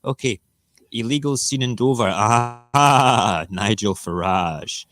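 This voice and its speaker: Man with a low, ranting voice. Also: takes it slowly, a bit bright. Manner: ranting, mocking and joking. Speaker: radio show host. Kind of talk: casual live-stream commentary.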